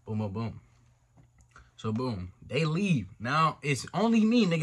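A man's voice: medium pitch, big pitch swings, measured pace, breathy edge. A young man telling a story on his channel in a loose, slangy, profane way, jumping into the voices of the people in it. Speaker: storytime vlogger. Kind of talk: casual storytime monologue.

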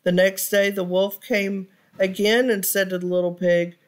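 A woman reads a children's picture book aloud for storytime, stopping to ask her listeners questions. Her voice is medium-pitched with a level tone.

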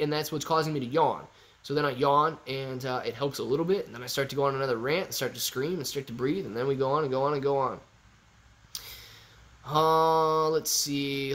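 A young man chatting through a live stream, reading comments out in a loose, playful way. His voice sits fairly high for a man, and he jumps between loud outbursts and quieter asides. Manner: animated, goofy, jumps between shouting and mumbling. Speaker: stock livestream host.

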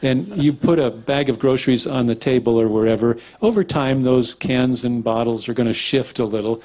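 Relaxed rambling male bodywork lecturer. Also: mid-range voice, moderate pace. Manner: relaxed, rambling, acts out quotes. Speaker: structural integration teacher. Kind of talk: casual lecture with anecdotes.

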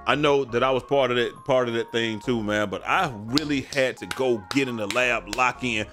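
A man rambling through casual gaming commentary in loose slang, often tacking on "man" and "bro". He sounds tired and keeps yawning, with his voice at an everyday middle pitch. Faint music plays under his talk. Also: normal speed. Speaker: gaming streamer. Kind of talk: casual commentary on viewer messages.

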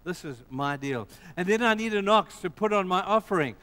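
A man's voice: high voice, expressive, fairly quick, pushed and bright, voice pushed up. A man voicing a determined king in a retold story, speaking insistently and emphatically.

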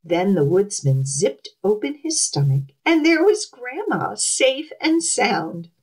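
Woman children's librarian, storytime read-aloud, very expressive, slow, outdoors. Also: mid-range voice, breathy edge, rough recording. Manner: expressive, animated, storyteller's lilt.

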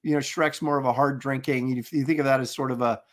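A man's voice: medium pitch, fairly even intonation, fast talker, a bit bright. A middle-aged man co-hosting a casual chat, enthusiastic and rambling, often restarting his sentences. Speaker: co-host.

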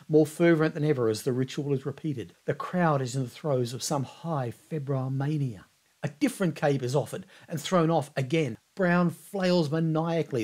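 A man hosting a podcast, narrating a scripted history story in a vivid, measured storytelling manner. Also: medium pitch, a little mellow. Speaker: podcast host.

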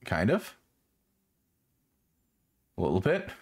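A man's voice: low voice, wildly swooping pitch, slow pace, slightly rough. A tired man chatting casually to his stream while playing a fishing game, yawning and making puns. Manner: sleepy, yawning, punning to himself. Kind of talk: casual gameplay commentary.

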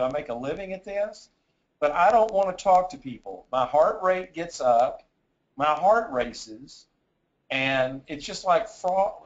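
A man's voice: a little high, highs cut off. A man giving a sales presentation in a webinar, stammering and repeating words as he gets wound up telling stories.

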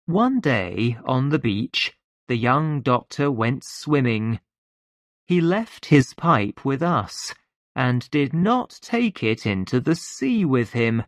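Very slow lively storybook narrator. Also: mid-range voice, no room sound, studio quality. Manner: very slow, clear, lively intonation. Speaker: audiobook narrator. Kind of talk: slow scripted narration for learners.

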